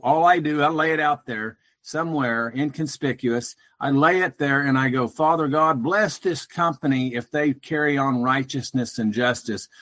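Earnest male caller, slightly high voice, halting phone-in delivery. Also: fairly bright tone. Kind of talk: casual call-in chat.

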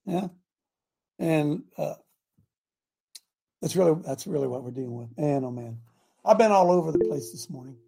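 Gravelly high-voiced preachy man. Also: expressive, normal speed, pauses often. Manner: preachy, builds to shouting. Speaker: show host. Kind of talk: call-in talk show.

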